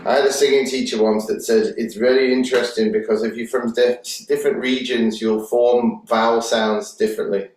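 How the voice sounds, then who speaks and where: A man's voice: medium pitch, steady tone, moderate pace, few pauses, a little mellow. A man from Liverpool, a fitness trainer chatting casually while coaching a workout and counting reps. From Liverpool, England. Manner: chatty, bursts into song, counts reps aloud. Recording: echoey room, voice from a distance, faint noise.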